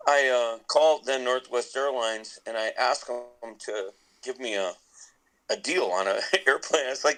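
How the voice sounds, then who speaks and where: A middle-aged man tells a long story on a podcast in a loose, rambling way. He restarts his sentences again and again, and his voice sits at an ordinary middle pitch. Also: unhurried, a bit bright, rough recording. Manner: rambling with many restarts and laughs. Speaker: podcast guest, musician. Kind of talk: casual storytelling.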